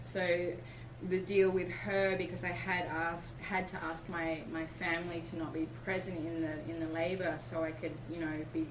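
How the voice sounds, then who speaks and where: A middle-aged woman from Australia tells a personal story, animated and acting out the voices of others. She sounds roomy and distant from the mic. Steady background noise runs underneath. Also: lowish voice, normal speed, hardly any pauses. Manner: animated, acts out quoted speech. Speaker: interview guest.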